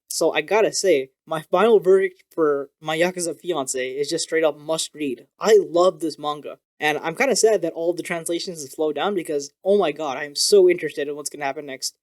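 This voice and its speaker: Talking quickly and excitedly, a male vlogger runs through a manga review with plenty of casual profanity. His pitch is a little above the usual range for a man.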